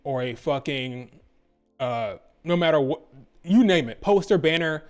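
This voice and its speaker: High-voiced man in a profane rant. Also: lively intonation, a little slow, darkish tone, soft background music. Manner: profane, exasperated ranting with sarcastic mock quotes. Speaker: wrestling commentator. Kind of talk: ranting commentary.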